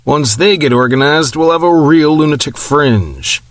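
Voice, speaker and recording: A man's voice: on the high side, moderate pace, dry recording, pitched above the performer's own voice, close to an everyday voice. A man voicing a blunt, wry male counselor with a New England accent in an audiobook.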